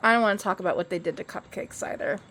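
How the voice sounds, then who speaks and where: A woman's voice: medium pitch, fast talker, a bit bright, a little hiss or hum. A young woman streamer chatting casually from home into a desk mic, rambling and laughing easily. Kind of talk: casual chat.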